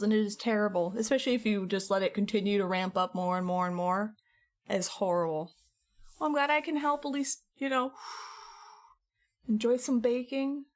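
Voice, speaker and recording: Chatty woman streamer, higher voice. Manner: chatty, reads and answers chat messages, rambling. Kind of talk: casual chat with live chat.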